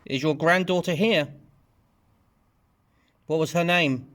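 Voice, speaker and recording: Man, paranormal investigator, calm slow questions to spirits, fairly high voice, dry close sound. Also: no echo. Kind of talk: calling out to spirits. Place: abandoned building.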